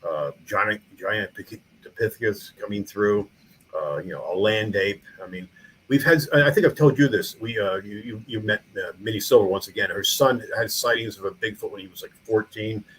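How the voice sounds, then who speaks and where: A middle-aged man who is a small-town mayor and founded a museum tells stories in a casual interview, speaking at normal speed in a lowish voice. He's rambling and animated, with frequent restarts and fillers, on a low-quality recording with a little hiss or hum.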